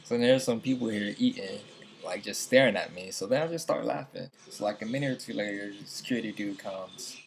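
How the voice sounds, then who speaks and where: A man's voice: on the low side, fairly quick, gravelly, a little hiss or hum, low-quality recording. A man casually telling a funny anecdote, amused and chuckling between lines. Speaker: storyteller.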